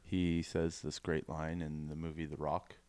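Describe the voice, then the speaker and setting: A man in a casual podcast chat, answering with dry, teasing humor in a low-key way. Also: flat delivery, a little slow, darkish tone, no room sound.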